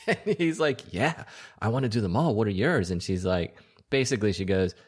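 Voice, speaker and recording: A man co-hosting a podcast, telling funny stories and quoting others. His low voice swings widely in pitch. He stammers a bit as he starts his lines. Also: animated, moderate pace, breathy edge. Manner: playful storyteller, stammers on restarts. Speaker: podcast co-host. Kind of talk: casual chat.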